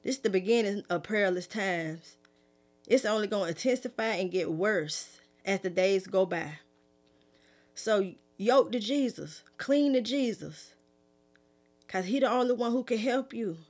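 A middle-aged woman preacher, talking in a relaxed, conversational way after a prophetic sermon. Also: measured pace. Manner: fervent, pleading, raised pitch at first. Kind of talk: prophetic sermon, then casual talk.

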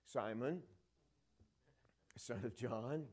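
A man's voice: medium pitch, extremely slow, darkish tone, husky. A middle-aged man from the Dallas area preaching a sermon, retelling Bible scenes and acting out the voices of the disciples. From Dallas area, Texas.

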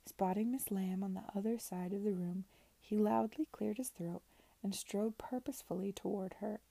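A woman reading a novel aloud softly in a whispered reading. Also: mid-range voice, fairly even intonation, moderate pace, creaky, dry recording. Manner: soft, hushed narration. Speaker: reader.

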